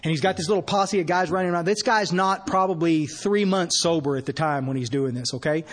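A man's voice: fairly high pitch, a little fast. A man telling a folksy story from his time as a sponsor, with many restarts, acting out bits of dialogue at a recovery meeting. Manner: acts out quoted dialogue.

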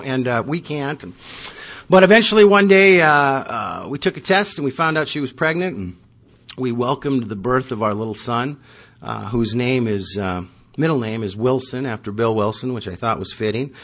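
A man's voice: medium pitch, a little fast, fairly bright tone. A man in his thirties telling his recovery story at a meeting, wry and self-mocking. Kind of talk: personal testimony with self-deprecating humor.

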